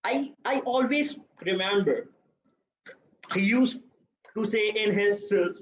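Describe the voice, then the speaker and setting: A young Pakistani man with a fairly high voice delivers a speech at a very slow pace, stopping often and repeating words before moving on. His voice echoes around a room, and the recording sounds muffled. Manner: halting, repeats many words while searching. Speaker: club speaker. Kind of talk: prepared speech at a speaking club.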